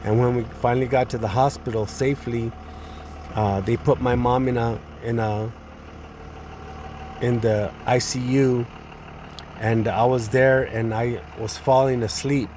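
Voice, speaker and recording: Man giving a halting, earnest testimony. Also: medium pitch, steady tone, a little mellow, slight background noise. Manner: halting, with frequent restarts and repeated words; earnest and distressed. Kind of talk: personal testimony, spoken retelling.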